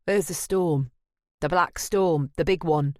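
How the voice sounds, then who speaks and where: A woman narrating an audiobook, voicing a gruff, blunt older male painter. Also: on the high side, slow, no room sound, clean studio sound. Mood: curt. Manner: curt and blunt.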